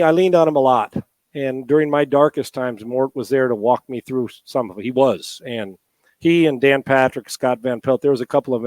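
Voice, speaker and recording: Close to tears, this middle-aged interview guest, once an NFL quarterback and later a radio host, talks from the heart with many restarts. He has a mid-range, slightly mellow voice, recorded with no echo.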